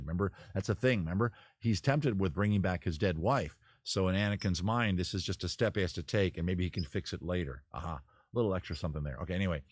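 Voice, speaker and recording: Low-voiced man rambling on a livestream. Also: no echo, studio quality. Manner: animated, acts out scenes in quick put-on voices; profane, self-interrupting. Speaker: livestream host. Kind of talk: casual rambling monologue. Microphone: camera mic.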